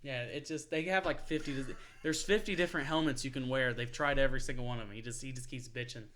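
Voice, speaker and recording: A man's voice: medium pitch, fairly even intonation, fast, fairly bright tone. A young man rants through a casual sports podcast. He swears freely, laughs often and talks in bursts. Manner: profane, ranting, laughs often. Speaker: podcast co-host.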